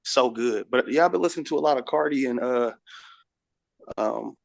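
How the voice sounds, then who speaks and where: A man's voice: medium pitch, creaky, no echo. Slangy young male rapper, dry mic. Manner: slangy, profane, drawn-out emphasis. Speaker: rapper guest. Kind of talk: casual interview chat.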